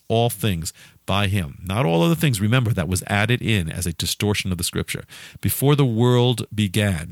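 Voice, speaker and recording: A man's voice: on the low side, no echo, clean studio sound. A man preaching a sermon with emphatic, repeated phrasing, restarting his sentences and putting questions to his listeners.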